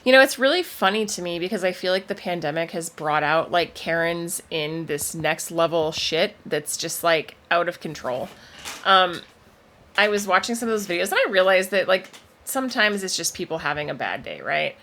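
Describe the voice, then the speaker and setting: A woman co-hosting a parenting podcast, telling a story in an animated, casual way. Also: moderate pace. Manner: animated storyteller with frequent pitch swings. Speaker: podcast co-host. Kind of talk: casual chat.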